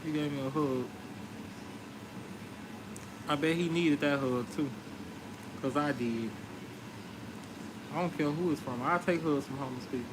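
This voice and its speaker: A man's voice: a little high, measured pace, long pauses, background noise. Brash, profane man ranting. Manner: brash, confrontational, animated retelling. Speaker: vlogger. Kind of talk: profane storytelling rant.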